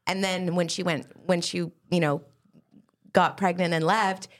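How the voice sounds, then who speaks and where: A woman's voice: on the low side, level tone, unhurried. A woman hosting a podcast, chatting casually and telling anecdotes. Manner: chatty storyteller, asks questions.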